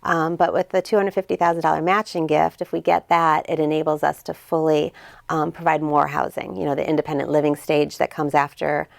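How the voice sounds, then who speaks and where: A woman's voice: low-pitched, brisk, vocal fry, dry recording. A woman, a nonprofit founder, talking earnestly and with feeling in a casual interview, acting out what others said. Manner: earnest and emotional, quotes others in lively voices. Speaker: nonprofit founder and CEO, guest.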